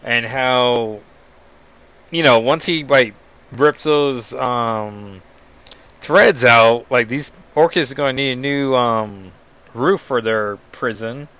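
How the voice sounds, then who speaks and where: Bright, clear-voiced man recapping comics. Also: medium pitch, takes it slowly. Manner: rambling, with many ums and asides; reads captions and dialogue aloud in a flat summary voice. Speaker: comic book reviewer.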